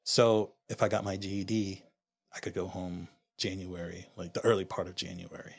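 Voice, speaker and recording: A low-voiced man from Honduras shares a personal story as a podcast guest. His tone is husky and slightly breathy, and he speaks candidly and reflectively, often restarting a thought mid-sentence. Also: level tone, moderate pace.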